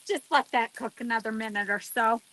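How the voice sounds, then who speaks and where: A woman with a fairly high voice chats casually while she cooks outdoors on a deck. She talks straight to her viewers and exclaims freely as she works. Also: brisk, a bit bright, a little hiss or hum. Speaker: cooking vlogger. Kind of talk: casual chat while cooking.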